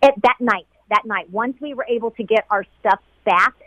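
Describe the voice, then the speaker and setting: A woman who was a flight attendant, being interviewed about a painful day. She talks in a halting, emotional way and often repeats herself. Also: on the high side, fairly bright tone, no echo. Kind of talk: emotional personal recollection. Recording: dull lo-fi sound.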